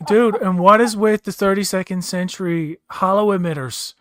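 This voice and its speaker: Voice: medium pitch, moderate pace, a bit bright, no echo. Ranting, profane podcast co-host, dry sound. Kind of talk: casual chat.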